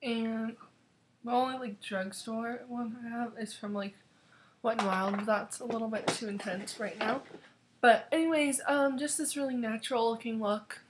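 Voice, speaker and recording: A young woman in her teens chatting casually through a makeup tutorial, rambling with lots of fillers and quick self-corrections. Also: fairly high pitch, steady tone. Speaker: beauty vlogger.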